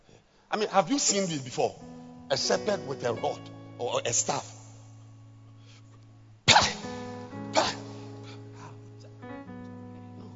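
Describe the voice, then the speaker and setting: A man preaching a sermon to pastors, dropping to hushed scripture reading and rising to shouted exhortation. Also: a little high. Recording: lo-fi with long hall reverb.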